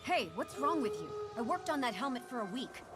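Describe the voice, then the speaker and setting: A snarky, irritated young party guest in costume. Her voice sits a little high with lively swings, and game music plays behind. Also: fairly quick.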